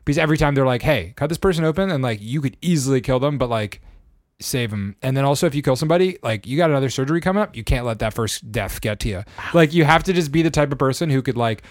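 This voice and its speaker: A man's voice: mid-range voice, fast talker, no room sound, clean studio sound. A man co-hosting a comedy podcast, rambling through stories in casual chat. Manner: rambling, restarts, acts out quotes. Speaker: podcast co-host.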